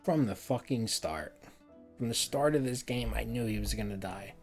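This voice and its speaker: A man's voice: on the low side, moderate pace, soft background music. A man streaming a heated game review, ranting and swearing often, repeating words in frustration.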